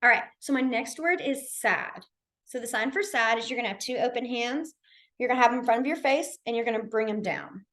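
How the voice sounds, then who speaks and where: Woman, young adult, sign language teacher, chatty, filler-heavy, slightly high voice. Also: a little fast, bright, forceful tone. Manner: chatty, lots of fillers, demonstrative. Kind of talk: casual online class instruction.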